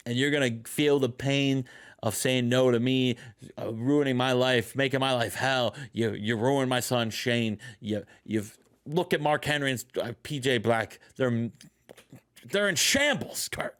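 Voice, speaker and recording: A man voicing a domineering older male wrestling boss in low, drawn-out threats. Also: fairly bright tone, close to an everyday voice. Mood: menacing.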